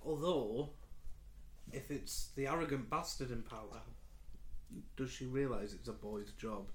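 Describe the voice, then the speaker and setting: A man's voice: medium pitch, a little slow. A man co-hosting a podcast, making dry, teasing wisecracks in casual chat. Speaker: podcast co-host. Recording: echoey room with faint noise.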